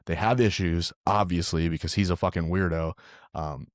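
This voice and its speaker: A man's voice: low voice, fairly even intonation, moderate pace, no room sound, clean studio sound. A man co-hosting a podcast, reviewing a film in casual, profane chat and saying "dude" often. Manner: loose and profane, says "dude" a lot. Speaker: podcast co-host.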